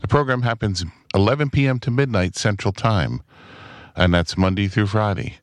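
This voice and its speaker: A man co-hosting a call-in radio show, inviting listeners in a friendly, steady way. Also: on the low side, normal speed, no room sound. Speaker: radio co-host. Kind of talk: radio program announcement.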